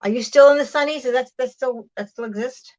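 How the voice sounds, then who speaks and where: A woman's voice: sits high, fairly quick, darkish tone, highs cut off. A woman casually chatting to her livestream viewers while she cooks in her kitchen, rambling with lots of fillers and "hang on"s, often drifting away from the mic. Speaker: livestream host. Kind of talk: casual chat while cooking. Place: home kitchen, moving between rooms. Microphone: device mic, often at a distance.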